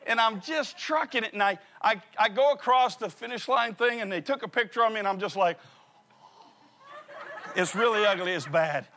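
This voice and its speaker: A man preaching a sermon through an animated, comic personal story. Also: high voice, normal speed.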